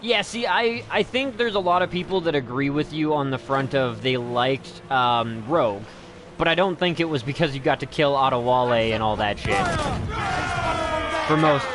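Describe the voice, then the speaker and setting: A man's voice: medium pitch, sing-song, normal speed, background noise. A young man streaming a game, talking casually to his chat and swearing freely. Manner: crude, swears freely, chats to viewers. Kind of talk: casual let's play commentary.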